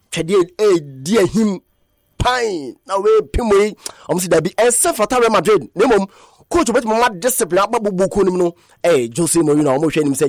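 A man presenting a radio sports news bulletin, talking fast and sometimes slipping into a sing-song lilt. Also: high voice, no echo, studio quality.

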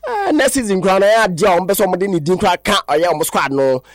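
With a high voice, lively intonation, and a slightly fast pace, a Ghanaian-accented man hosts a radio sports show in a dry, studio-quality recording. His chat wanders through lists of player names as he switches languages.

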